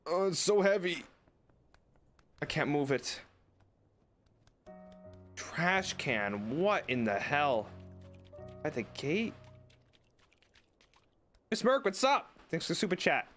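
Excitable young man streaming a game. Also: a little high, takes it slowly, long pauses, soft background music. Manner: excitable, jokey, talks to chat. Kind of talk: casual gameplay commentary.

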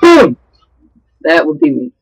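A playful young man teases his friends during a gaming session. His voice is high and bounces in pitch. The sound is dry and close. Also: animated, normal speed, a bit bright, no room sound, low-quality recording. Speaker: gamer, co-host. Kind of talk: casual gameplay chat.

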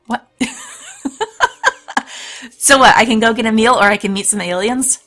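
A woman's voice: on the high side, normal speed, pauses often, a bit bright. A woman hosting a let's play, reading a storybook game aloud with chatty, laughing asides. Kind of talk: let's play narration and commentary.

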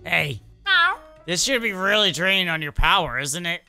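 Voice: medium pitch, moderate pace, vocal fry, pushed and bright, faint music behind. A performer voicing an exasperated male animatronic fox scolding his cat-form fiancee in a fan game role-play, exclaiming and pleading.

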